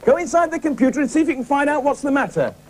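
A man presenting a children's puppet show, chatting excitedly with the puppets. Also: extremely high pitch, rapid-fire.

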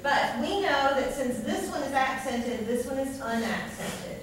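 A woman's voice: sits high, lively intonation, unhurried. A woman teacher lecturing a class, often checking in with "okay?". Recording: echoey classroom from far off, noisy.

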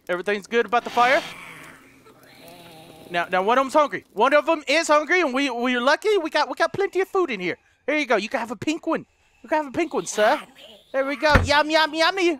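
A gaming YouTuber does let's play commentary on a horror game, addressing viewers as "guys" while panicking, screaming and swearing at the monsters. His voice is extremely high and bright, with lively intonation, a forceful tone and a slightly fast pace.

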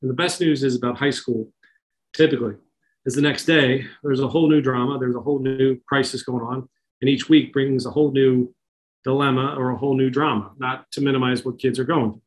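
A man's voice: medium pitch, steady tone, a little fast, a little hiss or hum, low-quality recording. A middle-aged man giving an informal talk to parents, conversational, with many fillers and restarts. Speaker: speaker at a parent talk on kids and technology.

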